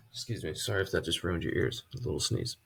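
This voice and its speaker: A man teaching a casual math lesson at a board, relaxed and chatty, with joking asides. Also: deep voice, moderate pace, gravelly, very noisy. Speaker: math tutor.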